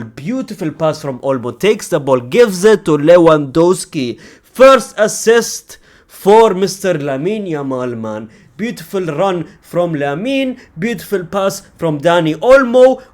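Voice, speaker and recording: A young man in a casual football reaction rant, his voice sitting a little high and swinging widely as he gets exasperated. He talks straight at the viewer, swears freely and keeps tacking "man" and "fam" onto his lines.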